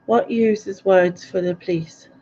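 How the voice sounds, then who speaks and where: A middle-aged woman chats casually on a live stream, answering viewer comments, giggling often and stumbling over place names. Her medium-pitched voice is warm and slow with fairly even intonation, captured in dull lo-fi audio.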